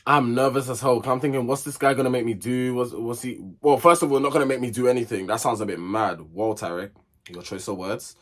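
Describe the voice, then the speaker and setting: A man's voice: medium pitch, steady tone, a little fast, fairly bright tone. Chatty young man telling a story. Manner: chatty, digressive, slangy storytelling. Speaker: vlogger. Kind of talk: casual storytime chat.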